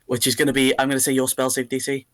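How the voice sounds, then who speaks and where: A man narrating as game master of a tabletop game in a relaxed, rambling way. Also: medium pitch, racing.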